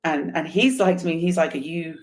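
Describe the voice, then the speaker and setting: Lively woman telling a story. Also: on the low side, a little fast. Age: young adult. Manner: animated, acts out quoted dialogue, many restarts. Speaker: podcast guest, motorcycle traveler. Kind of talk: casual storytelling chat.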